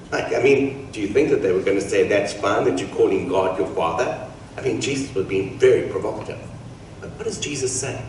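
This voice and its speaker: A man's voice: mid-range voice, normal speed, darkish tone. A male pastor delivers a sermon in a conversational way, slipping into quoted voices as he tells the story. He is heard from some distance in a very echoey hall, with faint room noise behind him. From Australia. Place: church hall.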